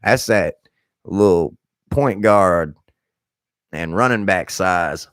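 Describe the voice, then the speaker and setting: A man in his thirties, a bit hoarse, telling rambling stories on his live stream in a blunt, profane, animated way. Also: low-pitched, takes it slowly, no echo, clean studio sound. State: slightly hoarse. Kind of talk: rambling casual storytelling.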